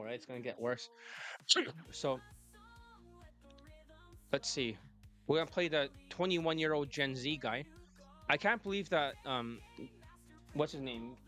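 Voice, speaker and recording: A man's voice: fairly high pitch, fairly bright tone. A man coaching his students live, talking bluntly and swearing often as he lectures. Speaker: dating coach.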